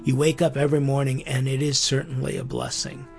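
A man's voice: medium pitch, little pitch movement, a little fast, gravelly, soft background music. A man hosting a podcast, reflecting earnestly on faith and spirituality in a musing way, often restarting his sentences. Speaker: podcast host.

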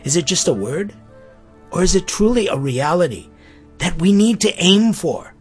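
A man's voice: sits high, big pitch swings, normal speed, darkish tone, faint music behind. A man hosting a podcast, reflecting earnestly on faith and spirituality in a musing way, often restarting his sentences. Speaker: podcast host.

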